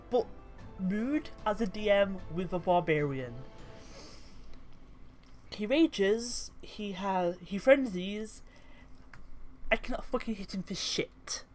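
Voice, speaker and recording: A British woman casually commenting on tabletop game memes, chatty and swearing freely. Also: mid-range voice. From Britain. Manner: chatty and swearing, trailing off mid-thought. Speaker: YouTuber reading memes.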